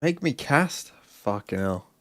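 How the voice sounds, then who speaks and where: A man's voice: mid-range voice, big pitch swings, slow, dry recording, clean studio sound. A man co-streaming an esports match, joking bluntly and swearing as he chats with viewers. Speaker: watch-party co-streamer. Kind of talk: casual esports watch-party commentary.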